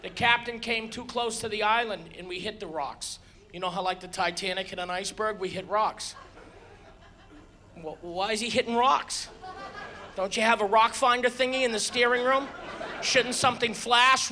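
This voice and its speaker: A man doing a stand-up comedy set on stage, exasperated and ranting, bursting into loud shouts before a live audience. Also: high voice, steady tone, fairly quick. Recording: live show with audience laughter and noise.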